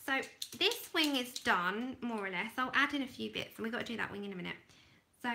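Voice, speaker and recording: A woman hosting an art livestream, chatting casually and thinking aloud as she draws, sometimes trailing off into quiet murmurs. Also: fairly high pitch, expressive, brisk, gravelly, echoey room. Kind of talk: casual livestream chat while drawing.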